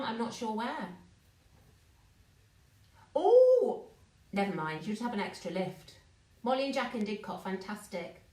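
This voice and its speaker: A woman's voice: sits high, a bit bright. A woman running a live online baking class, chatting and greeting viewers by name as she mixes. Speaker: baking teacher. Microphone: phone. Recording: echoey room, distant mic.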